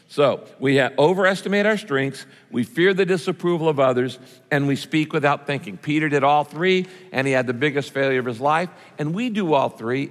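A man's voice: medium pitch, a bit bright. A man preaching a sermon to a congregation in a church, talking in a conversational way and putting questions to his listeners. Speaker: pastor. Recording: reverberant hall.

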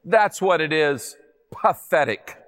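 A man voicing a gloomy old male donkey, speaking slowly and despondently in a lowered voice, with long hall reverb. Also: animated, fairly bright tone. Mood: mopey. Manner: slow, drawn-out, despondent delivery.

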